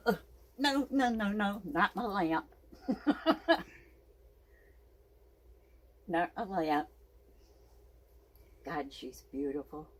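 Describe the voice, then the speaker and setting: A woman's voice: lowish voice, breathy edge. A woman talking to her pet snake in a casual vlog, cooing baby talk, a little stuffy from her sinuses. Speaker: snake keeper.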